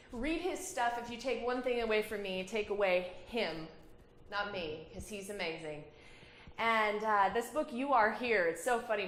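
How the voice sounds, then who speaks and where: Guest speaker: woman, thirties, animated storyteller, roomy hall sound. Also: medium pitch, a little hiss or hum. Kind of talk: personal storytelling talk. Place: community hall. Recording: roomy hall with faint ambience.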